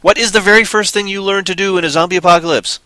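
A man rants in a casual podcast chat, sarcastic and worked up. His voice sits high and bright and swings widely in pitch. The sound is close and dry. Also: fast, clear, resonant tone, no echo. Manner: animated, ranting, sarcastic. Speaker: movie reviewer.

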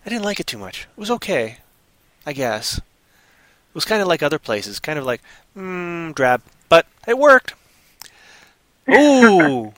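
A man's voice: fairly high pitch, big pitch swings, normal speed, fairly bright tone, dry recording. A man hosting a livestream, playfully rambling through an improvised story and chatting with the chat.

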